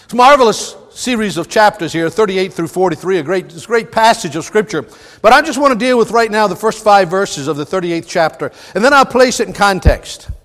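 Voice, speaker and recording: A man's voice: sits high, expressive, fairly quick, a bit bright, big-room sound. A man preaching a sermon as a substitute preacher, with folksy, joking asides.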